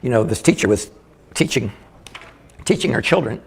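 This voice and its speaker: An older man doing live stand-up comedy, telling jokes in a halting way with many restarts and small chuckles. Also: mid-range voice, animated, vocal fry.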